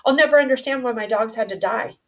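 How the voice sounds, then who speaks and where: Heartbroken farm boy voiced by a woman, pleading, strained higher pitch, slightly distant sound. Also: quick pace, close to an everyday voice. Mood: anguished.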